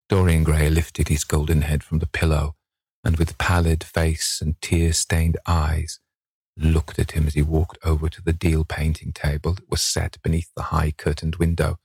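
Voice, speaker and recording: A man with a deep, husky voice narrates a classic novel in a measured, expressive way. The recording is dry and close, with no room sound. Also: no room sound. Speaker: audiobook narrator. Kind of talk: scripted narration.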